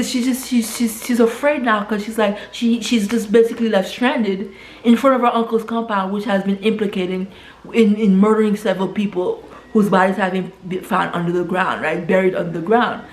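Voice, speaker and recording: A woman casually retelling a film plot. She keeps adding "right?" and repeats words as she rushes ahead. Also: mid-range voice, fairly even intonation. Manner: tags nearly every sentence with "right?". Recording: roomy echo.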